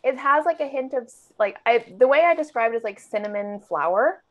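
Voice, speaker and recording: A woman's voice: fairly high pitch, animated, brisk. A woman co-hosting a podcast, chatting casually with giggles and many fillers. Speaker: podcast co-host. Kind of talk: casual chat. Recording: dull lo-fi sound.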